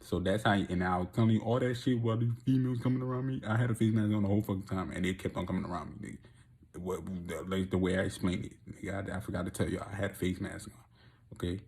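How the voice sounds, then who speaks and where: A man with a gravelly, creaky voice tells a long, rambling story to his audience. His talk is profane and loose, broken by frequent laughter, and it climbs to loud, excited peaks. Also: deep voice, fast talker. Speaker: vlogger. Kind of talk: casual storytelling monologue.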